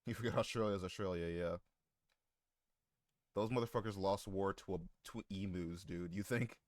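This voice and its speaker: Male streamer, low-pitched, casual banter with chat, crude jokes and frequent laughs, dry close-mic sound. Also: normal speed, dry recording. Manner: joking, swears a lot, laughs often. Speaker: live streamer.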